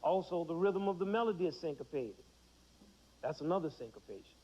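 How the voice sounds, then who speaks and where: A man explains rhythm to young students with playful energy, counting beats aloud and acting out examples. His voice sits a little high. The sound is dull and lo-fi, like an old 1990s TV broadcast. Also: expressive, a little fast, warm tone, slightly rough, in a large hall. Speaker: music teacher. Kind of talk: teaching children about rhythm.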